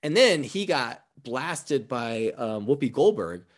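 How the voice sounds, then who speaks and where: A man in a casual podcast conversation, his speech halting and full of restarts as he feels his way toward a point. His voice is mid-pitched and ordinary. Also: big pitch swings. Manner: halting, restarts often, trails off. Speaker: podcast co-host.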